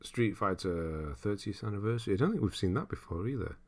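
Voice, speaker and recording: A young man hosting a casual gaming livestream, working through viewer comments in a relaxed, rambling way. His voice sits low, and he breaks into laughter often as he chats. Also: fairly quick. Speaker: streamer host.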